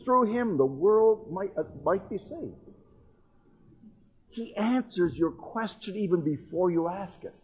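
A man's voice: high voice, expressive, takes it slowly, slightly rough, lo-fi sound. A man preaching an evangelistic sermon, earnestly telling stories and retelling dialogue to warn young listeners. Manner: earnest storytelling with retold dialogue.

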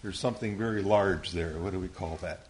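A man's voice: sits low, brisk, a little mellow, slight background noise. Patient man leading a Bible lesson, quizzing young listeners one by one. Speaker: Bible teacher.

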